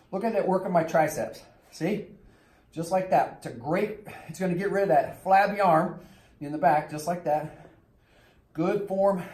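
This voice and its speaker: A trainer demonstrates a circuit workout as he coaches it, a little short of breath and repeating timing and form cues. His voice sits high with a slightly mellow quality, heard from a distance in an echoey room.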